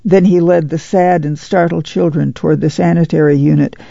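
A man narrating a novel as an audiobook in a measured, steady storytelling voice. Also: on the high side, creaky, no echo, muffled recording. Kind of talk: scripted literary narration.

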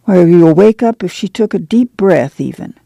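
A man's voice: high-pitched, animated, moderate pace, vocal fry, dark tone, no room sound, full character voice. A man voicing a stout, kindly rural woman with a homely, coaxing manner in an audiobook reading.

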